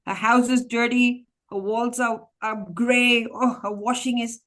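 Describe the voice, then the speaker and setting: A woman's voice: fairly high pitch, fairly even intonation, a little slow, a bit bright, pitched above the performer's own voice. A woman putting on a grumbling old folktale woman. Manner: complaining, sour, fault-finding.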